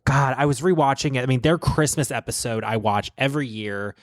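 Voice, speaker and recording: A man hosting a podcast in casual gossip commentary. He rambles, swears freely and talks in an animated way. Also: mid-range voice, a little fast, no room sound, clean studio sound. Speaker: podcast host. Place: podcast studio.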